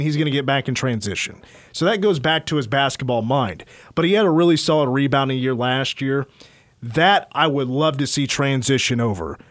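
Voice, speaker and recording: Sports radio host, male, a bit higher voice, dry studio sound, stat-heavy breakdown. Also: no room sound. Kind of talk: sports talk radio analysis.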